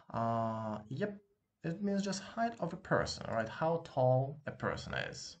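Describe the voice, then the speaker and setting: A man's voice: mid-range voice, very animated, takes it slowly, gravelly. A man with a Russian accent, a native Russian speaker, teaching a casual online language lesson and patiently repeating words for practice. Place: room with open window, street noise behind.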